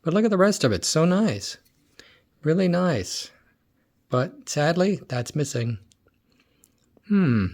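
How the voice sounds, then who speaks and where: A man's voice: a little high, very animated, takes it slowly, pauses often, darkish tone. A middle-aged man talking casually as he looks through a box of toy cars, chatty and thinking aloud, often repeating his words. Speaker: toy car collector and dealer. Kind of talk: casual unboxing commentary.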